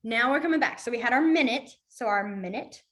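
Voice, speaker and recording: Young woman, sign language teacher, chatty, slightly high voice, casual instruction. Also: expressive, fairly bright tone. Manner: chatty, laughs often, quick asides. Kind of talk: casual online class instruction.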